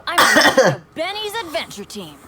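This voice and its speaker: A woman's voice: high-pitched, sing-song, brisk, crowd noise. A woman voicing a cheerful, self-deprecating teenage boy adventurer in a video game, eager and bouncy. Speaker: game character. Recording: game audio with loud background music.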